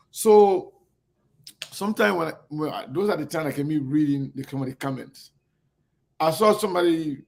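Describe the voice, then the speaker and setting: Guy hosting an online show, super gravelly voice, keeps restarting and repeating stuff. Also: fairly high pitch. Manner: halting, repeats himself, greets viewers by name. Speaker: online talk show host. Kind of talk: casual live-stream chat.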